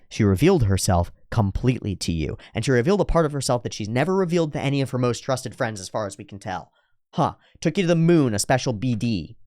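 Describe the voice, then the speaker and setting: An excitable man runs through an anime episode in casual, swearing-laced commentary. His pitch sits mid-range for a man, and his voice is close and dry with no room sound. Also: dry recording. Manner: excitable and profane, jumps between breakdown and hype. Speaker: anime reaction host.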